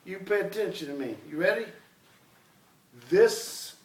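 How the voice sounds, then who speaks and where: A man's voice: high-pitched, lively intonation, unhurried. Commanding male teacher. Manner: commanding, drills students call-and-response. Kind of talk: classroom teaching. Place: classroom. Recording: echoey room, voice from far off.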